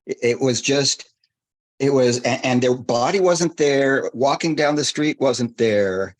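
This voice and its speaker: A man sharing with a spiritual group, earnest and halting, laughing as he talks. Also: mid-range voice. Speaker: community member sharing.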